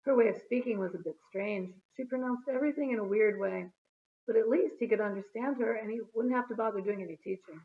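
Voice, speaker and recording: A woman reading a children's chapter book aloud in an expressive, storytelling manner. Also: on the high side, fast talker. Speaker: storybook reader. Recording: phone-like narrow sound.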